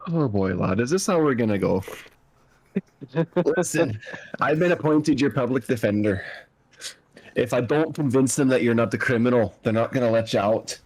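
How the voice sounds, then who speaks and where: A gruff male public defender with a put-on brogue, voiced by a man at the table. He is blunt and impatient, calling the prisoner lad at every turn. His voice sits at an ordinary middle pitch. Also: moderate pace, pauses often, darkish tone, lightly acted, poor audio. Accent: put-on Scottish-style brogue.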